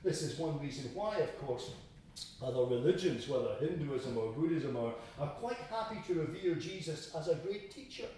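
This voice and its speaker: A man's voice: a little high, expressive, normal speed, mellow. A man preaching an expository sermon, emphatic and repeating phrases for stress. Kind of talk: sermon, expository Bible teaching. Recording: echoey hall, distant mic.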